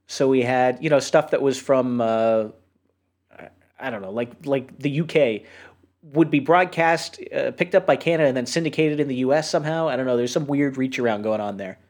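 A man from New Hampshire, co-hosting a podcast in a rambling, animated casual chat full of fillers. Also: medium pitch, normal speed. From New Hampshire, USA. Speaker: podcast co-host.

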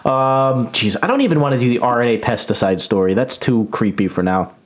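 A man's voice: mid-range voice, lively intonation, brisk. A man hosting a comedy podcast, chatting casually and laughing often. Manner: laughs often, jokey and loose. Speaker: podcast host.

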